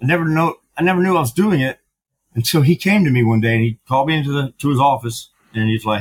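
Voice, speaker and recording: A man's voice: mid-range voice, fast, slight background noise, poor audio. A middle-aged man, a podcast guest, telling his story candidly, with frank, profane talk full of fillers and restarts.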